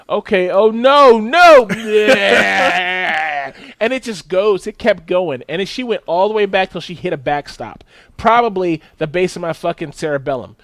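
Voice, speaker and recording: Podcast co-host, male, high voice, dry close mic, animated profane storyteller. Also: a little fast, no room sound. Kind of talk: casual podcast chat, storytelling.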